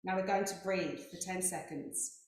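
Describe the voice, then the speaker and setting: A woman with a lowish, darkish voice speaking at normal speed guides a group through a laughter wellness exercise online, offering encouraging step-by-step cues for breathing and laughing. The call sounds very echoey.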